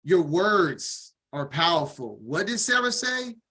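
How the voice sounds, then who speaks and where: A man with a fairly high-pitched voice works through an old scripture passage line by line. He reads each part aloud, then breaks off into casual, conversational remarks before going back to the text. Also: sing-song, slow pace, pushed and bright, husky. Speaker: scripture teacher. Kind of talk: line-by-line scripture reading with commentary.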